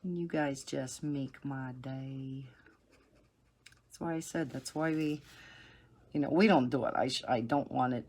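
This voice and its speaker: Slow, soothing low-voiced woman. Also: husky. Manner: rambling and chatty, with soft laughs. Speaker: coloring channel host. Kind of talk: casual chat while coloring.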